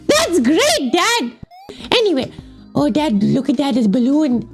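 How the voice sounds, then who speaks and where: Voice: high-pitched, wildly swooping pitch, unhurried, soft background music, exaggerated voice. A player voicing a clingy little radish son who whines and pleads with his dad, in a game voice-over. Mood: whiny pleading. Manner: whiny, pleading, often shouting "Dad".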